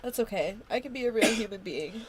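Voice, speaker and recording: A woman's voice: a little high, lively intonation, fairly quick, a crowd in the background. A woman in a band hosting a casual livestream chat with fans, effusive and emotional, often laughing as she talks. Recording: music playing behind the voice.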